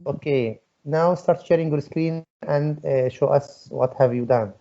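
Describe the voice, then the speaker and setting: A man's voice: on the high side, unhurried, vocal fry, mellow, muffled recording. Patient male English teacher on a call. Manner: patient, repeats questions to students. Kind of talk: online class teaching. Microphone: video call.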